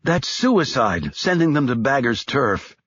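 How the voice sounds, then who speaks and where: A male narrator voicing a tough, sharp-tongued woman con artist who snaps back defiantly. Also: medium pitch, very animated, measured pace, breathy edge, no room sound, dull audio, pitched above the performer's own voice, full character voice. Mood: alarmed. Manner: snappish and defiant, rising to a shout in alarm.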